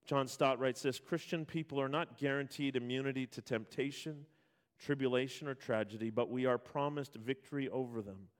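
A man preaching a sermon, reading scripture with rising intensity, then dropping to quiet, slow emphasis. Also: mid-range voice. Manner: builds to loud emphatic peaks, then drops quiet and slow. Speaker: pastor.

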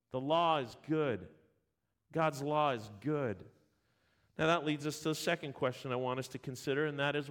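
A man's voice: fairly high pitch, a bit bright, clear, resonant tone. A man preaching a sermon, emphatic at points and often restarting his words. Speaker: pastor.

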